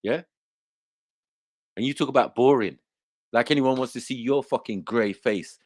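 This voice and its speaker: A man's voice: medium pitch, normal speed, dry recording, clean studio sound. A man hosting an online panel, ranting in a boastful, confrontational way and swearing a lot. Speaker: host of an online panel show. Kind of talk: heated casual rant.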